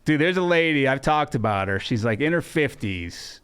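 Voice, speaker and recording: A man's voice: medium pitch, moderate pace, clean tone. A man co-hosting a podcast, telling stories in casual chat and mimicking the people in them. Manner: animated storytelling, mimics people in quotes. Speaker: podcast co-host.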